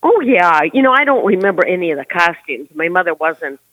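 A man's voice: high voice, sing-song, fairly quick, bright, forceful tone, no echo. A man co-hosting a talk show, giving emphatic opinions in casual chat over a phone line.

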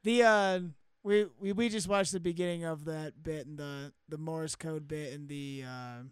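High, smooth-voiced young man rambling. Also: steady tone, dry recording, clean studio sound. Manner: rambling, halting, with many ums and restarts. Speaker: stand-up comedian and podcast co-host. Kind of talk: casual podcast chat.

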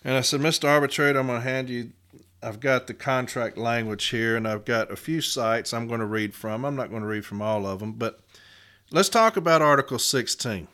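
A middle-aged union advocate with a bright, forceful, mid-range voice teaches arbitration by telling fellow advocates how he argued a case. He's emphatic, slowing down and stretching out key contract words for stress.

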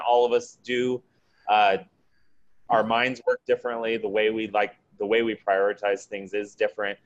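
A man's voice: lowish voice, lo-fi sound. A man chatting casually on a podcast panel, repeating words and tossing in "right" and "I mean". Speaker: panel guest.

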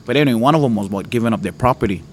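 A man from Hawaii, a preacher giving his testimony, who tells his story with lively jumps in voice and frequent laughter. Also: very fast, slight background noise. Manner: animated storytelling, voice jumps high and loud when retelling his outbursts; laughs often. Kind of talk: testimony to an audience.

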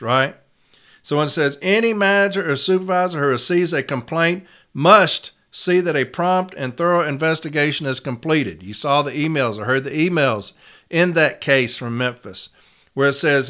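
Emphatic bright-voiced man teaching. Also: mid-range voice, smooth. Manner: emphatic, stresses single words and repeats them. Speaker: union advocate and trainer. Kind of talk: instructional talk.

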